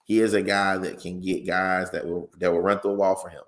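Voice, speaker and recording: A tired man co-hosting a casual sports talk show, talking in a measured, conversational way. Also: low voice, little pitch movement.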